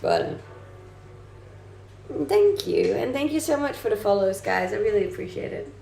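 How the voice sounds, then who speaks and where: Gravelly-voiced woman streamer chatting casually. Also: medium pitch, very animated, moderate pace, warm tone. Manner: chatty, reads chat aloud and answers with easy laughter. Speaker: live streamer. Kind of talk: casual live-stream chat. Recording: roomy sound with faint music behind.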